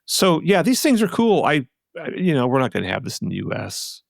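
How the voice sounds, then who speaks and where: A man's voice: on the high side, very animated, a little fast, vocal fry, dry recording, clean studio sound. A man co-hosting a podcast, chatting casually and rambling with many restarts and asides. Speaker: podcast co-host. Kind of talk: casual chat.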